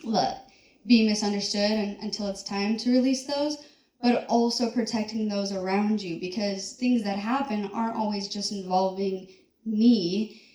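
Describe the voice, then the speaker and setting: A woman's voice: medium pitch, steady tone, warm tone. Earnest woman in an echoey hall. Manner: earnest, halting with fillers. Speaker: reality show cast member. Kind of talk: panel discussion answer. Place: event hall. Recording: echoey hall with faint noise.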